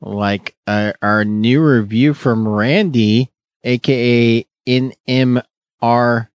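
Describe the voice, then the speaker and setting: A man's voice: mid-range voice, fairly even intonation, slow pace, clean tone, no echo, studio quality. A man hosting a casual podcast chat, joking and rambling with many restarts. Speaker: podcast host.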